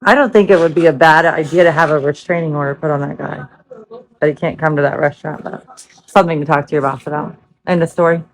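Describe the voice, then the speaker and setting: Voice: mid-range voice, steady tone, fast, low-quality recording. Person reacting with worried questions. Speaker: listener reacting to a story. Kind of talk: casual chat.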